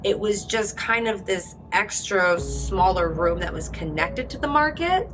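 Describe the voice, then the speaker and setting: A woman's voice: mid-range voice, expressive, unhurried, over music, rough recording. A woman podcast host narrating a court case in a casual, conversational way, reading from transcripts.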